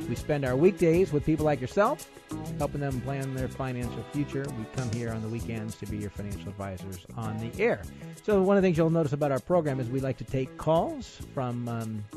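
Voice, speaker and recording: A man co-hosting a weekend radio advice show, chatting in an easygoing, wry, joking way. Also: mid-range voice. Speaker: radio show co-host and financial advisor. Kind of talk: casual radio banter. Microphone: studio microphone.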